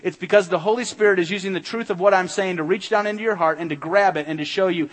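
A man of middle age preaches with a high, urgent voice, driving his points home through repetition. His sermon rings out in a church with a long, lingering reverb. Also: fast. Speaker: pastor. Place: church sanctuary.

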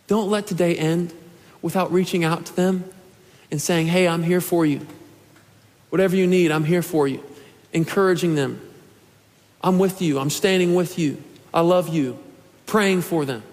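A man in his twenties preaching a sermon to his church, earnest and pleading, at times rising to a shout. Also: on the high side, fairly even intonation, normal speed, long pauses. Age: 20s. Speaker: pastor. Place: church sanctuary. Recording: long hall reverb.

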